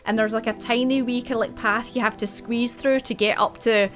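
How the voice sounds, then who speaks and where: A woman's voice: fairly high pitch, steady tone, fairly quick. Woman, game master, casual rambling narration, fillers, faint background music. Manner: casual, rambling, full of likes and kindas.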